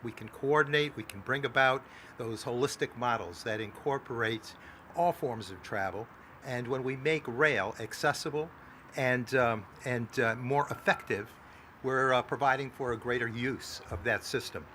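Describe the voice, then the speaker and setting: Brief: male lawmaker, bright voice, halting podium speech, faint background noise. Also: medium pitch. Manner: halting, many "uh" fillers. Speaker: congressman. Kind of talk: speech at a press event.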